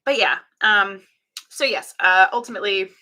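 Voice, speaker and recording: A chatty woman hosting a relaxed live stream, with a bright, forward voice. She answers her chat in a loose, conversational way, full of laughs, sarcastic asides and self-deprecating jokes. Her pitch sits in an ordinary middle range for a woman. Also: normal speed.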